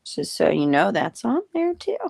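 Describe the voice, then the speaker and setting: Woman, wry co-host, laughs often, very lively pitch, slow gravelly delivery. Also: no room sound. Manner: wry, laughs often, asks skeptical follow-ups. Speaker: podcast co-host. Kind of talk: casual chat.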